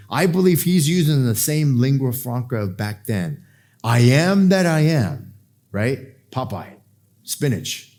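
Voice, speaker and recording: A man preaching a verse-by-verse sermon, acting out the people in the scripture with sudden jumps in pitch and dropping to a hushed voice at tender points. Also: sing-song, unhurried. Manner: drops to a soft, hushed voice for emotional moments. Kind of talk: expository sermon.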